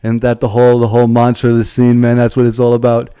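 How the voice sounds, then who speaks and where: Excitable swearing male streamer, mellow voice. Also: medium pitch, fast talker, clear, resonant tone. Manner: excitable, profane, mock-dramatic rants. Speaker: streamer host. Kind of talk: casual livestream chat while gaming.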